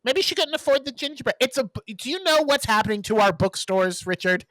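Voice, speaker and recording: A man's voice: very high voice, animated, fairly quick, fairly bright tone, dry recording. A man co-hosting a podcast, chatting casually and animatedly retelling movie scenes with playful little voices. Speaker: podcast co-host. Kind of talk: casual chat, movie review.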